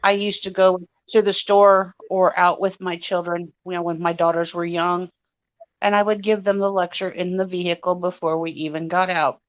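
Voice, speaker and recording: A middle-aged woman with a lowish voice chats casually in a plain, matter-of-fact way. The sound is dull and lo-fi. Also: level tone, normal speed. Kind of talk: casual chat. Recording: dull lo-fi live stream audio.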